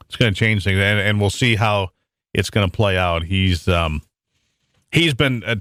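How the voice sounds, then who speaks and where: A man's voice: lowish voice, fairly bright tone, no room sound. An American man hosting a talk radio show in a rambling monologue with frequent restarts. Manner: rambling, with many restarts and fillers.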